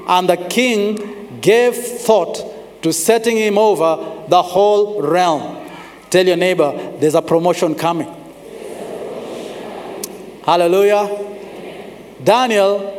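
A man preaching a sermon. He is emphatic, slows down on scripture and calls on the congregation to respond. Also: high voice, a little mellow. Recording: long reverb of a large hall.

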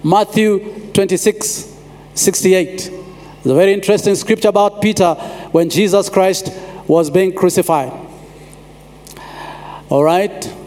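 Man, pastor preaching, high voice, repeats phrases, long hall reverb. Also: a little slow, long pauses, a little mellow. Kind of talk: sermon.

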